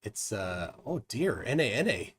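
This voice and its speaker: A man's voice: fairly low pitch, very animated, measured pace, a bit bright, slightly rough. A man hosting a casual livestream chat, teasing his guests and laughing often. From United States. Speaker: livestream host.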